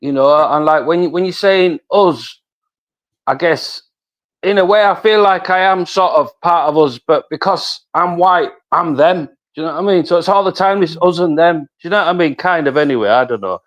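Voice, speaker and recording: A man's voice: a little high, moderate pace, a bit bright. A man with a Northern English accent chatting as a guest caller on a video call, hesitant and self-deprecating, often restarting his sentences. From England. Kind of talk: casual chat.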